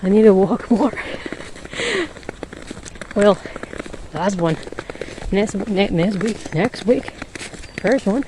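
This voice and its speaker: A woman's voice: medium pitch, slow pace, pauses often, noisy background. A woman hosting a podcast, chatting in a rambling casual way while walking outdoors on a snowy street, laughing often and a little winded. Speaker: podcast host.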